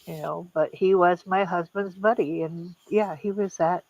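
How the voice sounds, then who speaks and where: An older woman, a guest in a casual chat, talking haltingly with many restarts about a loss. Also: lowish voice, steady tone, a little mellow, dull audio.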